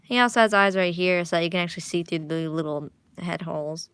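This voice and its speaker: With a lowish, steady voice that is a bit bright and clean, a young art vlogger talks quickly while she draws in her living room. The chat is casual and rambling, full of restarts and self-mocking jokes.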